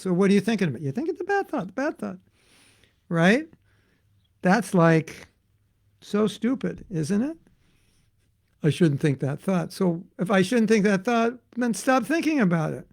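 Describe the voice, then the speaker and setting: A man giving a devotional class as a spiritual teacher, talking in an animated, conversational way and acting out voices. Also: high voice, normal speed, vocal fry. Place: Alachua, Florida.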